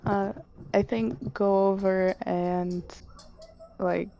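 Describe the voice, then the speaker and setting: A woman's voice: mid-range voice, fairly even intonation, extremely slow, creaky, muffled recording, slight background noise. A woman playing a tabletop game, speaking in a hesitant, unsure way. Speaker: player. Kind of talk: casual tabletop play.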